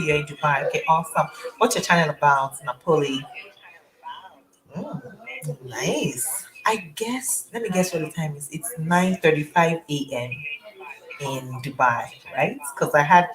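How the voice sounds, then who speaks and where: A woman's voice: low voice, poor audio. A young woman chatting on a live stream from home at night, greeting viewers by name in a casual way. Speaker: YouTuber hosting a live stream. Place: home at night, family watching a movie nearby. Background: movie sound and music.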